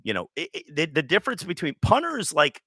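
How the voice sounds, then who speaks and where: A man's voice: a little high, huge pitch swings, brisk, pushed and bright, husky, dry recording. A man hosting a casual sports talk show, rambling and joking with plenty of restarts. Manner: rambling, jokey, with lots of restarts.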